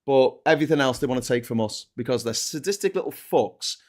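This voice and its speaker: A man's voice: mid-range voice, expressive, a little fast. A man co-hosting a live political podcast, ranting passionately and swearing freely. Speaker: co-host.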